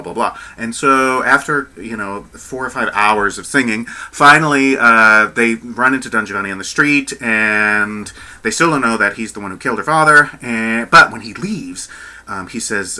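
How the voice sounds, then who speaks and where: Chatty man with a bright edge. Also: medium pitch. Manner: rambling, self-correcting, chatty and animated. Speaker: opera commentator. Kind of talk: casual spoken commentary on a recording.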